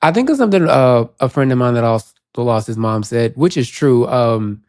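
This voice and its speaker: A man co-hosting a podcast, telling stories in a chatty, animated way. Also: mid-range voice, normal speed, no echo, clean studio sound. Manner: chatty, animated storytelling with quoted asides. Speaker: podcast co-host. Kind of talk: casual chat.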